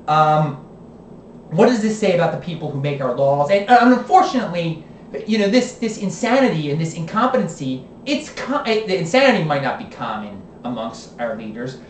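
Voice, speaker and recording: A woman vlogger delivers an angry, scolding political rant, pushing points home with a repeated "okay?". Her pitch leaps about a great deal. She sits back from the mic in an echoey room with a faint hum behind her. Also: a little mellow, distant mic. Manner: heated, scolding, tags lines with "okay?". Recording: roomy echo, voice away from the mic.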